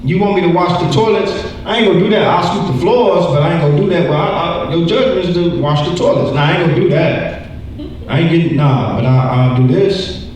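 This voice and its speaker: A man in his forties teaching a Bible lesson in an animated way, acting out quoted voices and repeating words. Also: fairly high pitch, a little fast, a little hiss or hum. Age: 40s. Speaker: church teacher. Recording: echoey room from far off.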